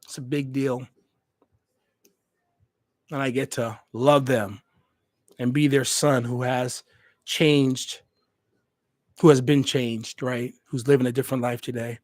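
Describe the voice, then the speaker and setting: A man's voice: medium pitch, fairly even intonation, takes it slowly, pauses often, darkish tone, no echo, clean studio sound. A man hosting a livestream for his hospitality channel, talking straight to his viewers in an emphatic way and repeating phrases for weight. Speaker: host of a hospitality YouTube channel. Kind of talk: casual livestream talk to viewers. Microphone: USB desk microphone.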